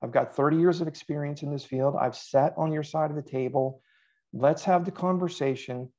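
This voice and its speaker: A middle-aged man talking casually as a podcast guest, telling animated stories and quoting himself. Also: a little high, normal speed, highs cut off. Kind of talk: casual interview chat.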